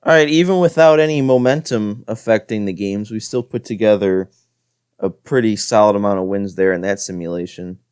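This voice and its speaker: A man's voice: on the low side, fairly quick, darkish tone, clean tone, dry recording, clean studio sound. A young man giving casual play-by-play commentary on his own video game, frustrated and self-deprecating. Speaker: gaming channel host. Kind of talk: gameplay commentary.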